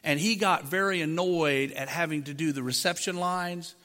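A man's voice: a little high, normal speed, pushed and bright. A man preaching a sermon into a microphone in a conversational way, asking his listeners rhetorical questions. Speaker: pastor. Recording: long hall reverb.

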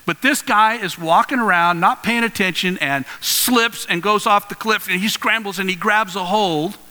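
Earnest male preacher, bright voice, conversational sermon, reverberant church. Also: high-pitched, normal speed. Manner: earnest, conversational, animated storytelling. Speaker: pastor. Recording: long hall reverb.

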